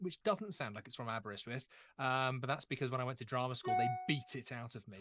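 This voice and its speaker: A man's voice: mid-range voice, fast talker, a bit bright. A young man running a tabletop horror game as game master, chatty and self-deprecating as he sets the scene. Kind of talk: actual-play game narration.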